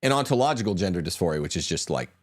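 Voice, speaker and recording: A man's voice: sits low, sing-song, racing. A man hosting a podcast, talking in an emphatic, combative way with sweeping asides. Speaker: podcast host. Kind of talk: opinionated podcast talk.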